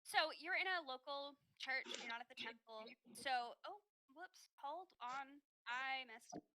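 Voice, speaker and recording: A woman's voice: sits high, measured pace, pushed and bright, rough recording. A woman narrating as game master of a tabletop game, chatty and full of fillers. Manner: chatty, filler-heavy, giggly.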